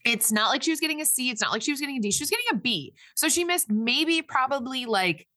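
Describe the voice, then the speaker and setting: Bright, rambling young-sounding woman recapping a movie. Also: high-pitched, lively intonation, fast talker, no echo. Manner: rambling, filler-heavy retelling with quoted voices. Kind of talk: casual movie recap chat.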